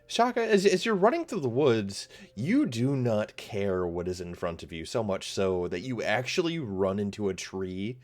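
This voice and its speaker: A man narrating as game master of a tabletop game, halting, with many pauses and fillers. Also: low voice.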